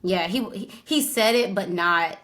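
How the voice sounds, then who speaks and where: A woman's voice: mid-range voice, unhurried, fairly bright tone, slight background noise. A woman co-hosting a podcast, retelling scenes in a chatty way and acting out quotes in casual conversation. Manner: chatty storytelling, acts out quotes. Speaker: podcast co-host. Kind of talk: casual recap chat.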